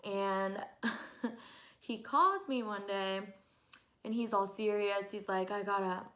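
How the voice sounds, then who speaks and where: A woman in her twenties telling stories to camera in an animated, exasperated way, often breaking into laughs. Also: mid-range voice, slow pace. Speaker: vlogger. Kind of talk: casual storytelling to camera.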